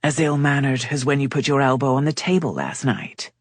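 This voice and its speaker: Brief: woman reader doing a low, raspy, playful leading man. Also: fairly quick, no echo. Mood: teasing. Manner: easy, teasing. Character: confident, teasing American gentleman, young.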